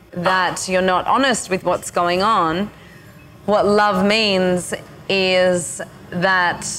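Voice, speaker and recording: Woman spiritual teacher, slow and halting. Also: medium pitch, fairly bright tone, a little hiss or hum. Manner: slow, halting, with many pauses. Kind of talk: teaching a retreat session.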